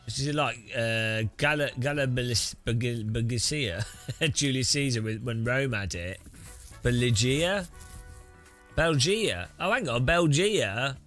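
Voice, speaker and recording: A man chatting his way through a sim-racing stream, rambling and joking with a lively pitch and an unhurried pace. Faint music runs underneath. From Britain. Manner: rambling, joking, often laughing. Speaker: streamer host. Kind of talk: casual livestream chat while sim racing.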